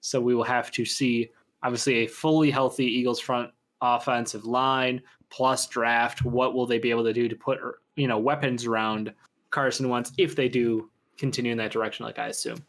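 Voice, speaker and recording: Steady mid-pitched male sports co-host. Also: normal speed. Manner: steady, explaining opinions in long run-on sentences. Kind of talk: casual sports chat.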